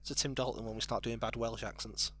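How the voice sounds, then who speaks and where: A man's voice: mid-range voice, brisk, no echo. A man co-hosting a film commentary from home, speaking with dry, sarcastic humour. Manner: dry, sarcastic, mock-deadpan. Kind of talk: joking film commentary chat.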